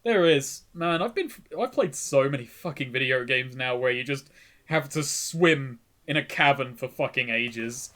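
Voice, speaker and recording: A man's voice: mid-range voice, unhurried, sharp tone. A man giving casual, rambling let's-play commentary, laughing often. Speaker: game commentator playing.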